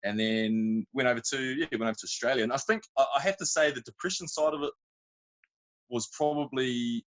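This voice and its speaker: A man's voice: medium pitch, brisk, fairly bright tone, lo-fi sound. A man with a New Zealand accent, a podcast guest telling long rambling stories in a casual, slangy way. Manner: rambling, self-interrupting anecdotes with colloquial slang. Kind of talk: casual storytelling chat.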